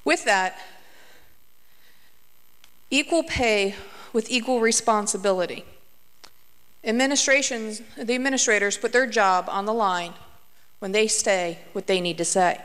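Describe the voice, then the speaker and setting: A woman teacher making a measured, conciliatory public comment at a school board meeting. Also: mid-range voice, fairly bright tone, smooth. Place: large meeting hall. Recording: long hall reverb.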